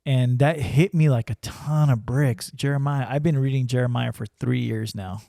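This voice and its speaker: Earnest man with a dark, mellow voice. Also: medium pitch, steady tone, moderate pace, creaky, no room sound, studio quality. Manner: earnest, storytelling, frequent restarts. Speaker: ranch crew member sharing testimony. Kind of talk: casual faith conversation.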